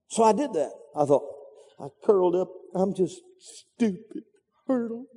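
A man's voice: high-pitched, lively intonation, a little slow, creaky, mellow, breathy edge. A man preaching a sermon, telling a story dramatically with sound effects and repetition. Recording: reverberant hall.

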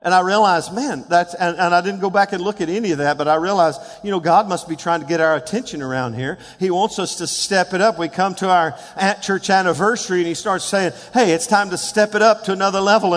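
A man in his sixties preaching a sermon as pastor, building to shouted calls and leading call-and-response with the congregation. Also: high-pitched, brisk, few pauses, big-room sound. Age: 60s. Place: church sanctuary.

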